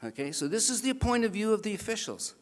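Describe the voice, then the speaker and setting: Speaking fast in a high voice, this Canadian awards speaker tells a lively anecdote at his own expense, voicing the other people in the story. The reverberant PA of the banquet hall carries his speech.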